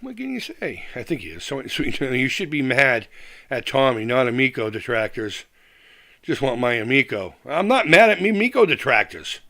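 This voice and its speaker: A man's voice: mid-range voice, big pitch swings, normal speed, gravelly, bright, forceful tone. Profane ranting male livestream host. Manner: profane, ranting, laughs often. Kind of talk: casual live chat, reading comments.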